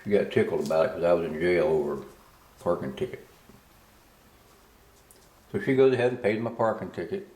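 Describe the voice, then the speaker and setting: A man's voice: deep voice, lively intonation, moderate pace, long pauses, darkish tone. An older man telling a rambling, folksy personal story as a voice-over, full of asides. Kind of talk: casual spoken story, voice-over. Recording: roomy echo.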